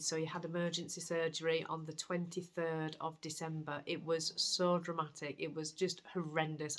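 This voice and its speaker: A woman with a Yorkshire accent hosting a knitting podcast, telling stories in a chatty, animated way. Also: low-pitched. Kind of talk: casual chat to camera.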